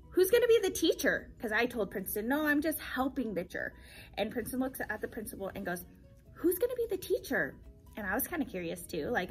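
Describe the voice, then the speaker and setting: A young woman and teacher, telling her story casually in a vlog, animated and repeating phrases for emphasis. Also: a little high, husky.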